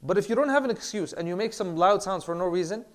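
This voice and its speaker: A man teaching an online class on Islamic prayer law in a relaxed way. He mixes Arabic terms into his English, with many fillers and repeated words. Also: high voice, quick pace. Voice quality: clears throat, says he has a bad throat. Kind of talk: casual classroom lecture.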